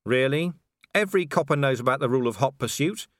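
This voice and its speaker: A man's voice: medium pitch, animated, fast talker, fairly bright tone, dry recording, lightly acted. A man voicing a weary, dry-witted middle-aged male watch commander in an audiobook, sardonic and dry.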